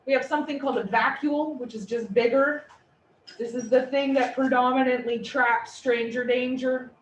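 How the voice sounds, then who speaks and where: Woman instructor, high voice, playful lecture style, echoey room recorded from a distance. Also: moderate pace, highs cut off. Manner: animated, playful explanations. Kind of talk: classroom lecture. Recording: echoey room, distant mic, faint noise.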